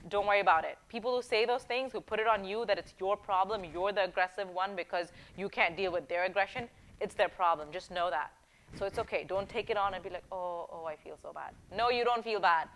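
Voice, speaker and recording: Woman coach, mid-pitch, emphatic and direct, conversational advice-video delivery. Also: a little fast, a bit bright, low-quality recording. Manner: frequent rhetorical checks like "okay?" and "right?". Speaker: workplace empowerment coach.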